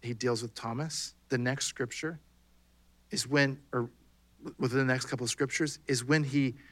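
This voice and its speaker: A man's voice: mid-range voice, steady tone, normal speed. A man preaching a sermon in a conversational way, acting out bits of dialogue as he goes. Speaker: pastor.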